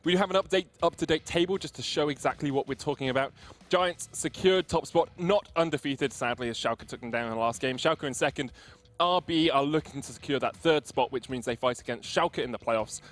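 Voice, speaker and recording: A man's voice: mid-range voice, a little fast, fairly bright tone. A young man hosting an esports broadcast desk, chatty and jokey, tossing questions to his co-hosts. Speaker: esports caster and desk host. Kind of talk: casual analysis chat on a live esports stream.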